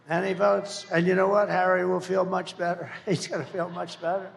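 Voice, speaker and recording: A man in his seventies giving a rambling, boastful campaign rally speech, repeating himself and breaking into shouts. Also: high-pitched, level tone, normal speed, gravelly, hardly any pauses, big-room sound, some chatter behind, slight background noise. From United States. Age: 70s. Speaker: political candidate.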